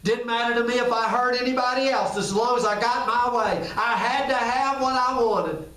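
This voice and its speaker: A man voicing a humbled old man who confesses his scheming in a low, hushed whisper. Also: steady tone, moderate pace. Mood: confessing. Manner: broken, confessional. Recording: echoey room, distant mic.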